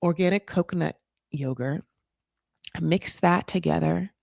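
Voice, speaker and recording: A woman's voice: fairly low pitch, unhurried, gravelly, darkish tone, no echo, clean studio sound. A woman hosting a casual reality-show recap, gossipy and sarcastic, swearing and filling her talk with "like".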